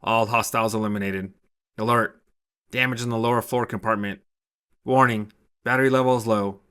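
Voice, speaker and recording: A man's voice: lowish voice, steady tone, a little fast, pushed and bright, clean tone. A man reading a short story, voicing a mech's robotic computer voice with clipped alert announcements. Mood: alarm announcements.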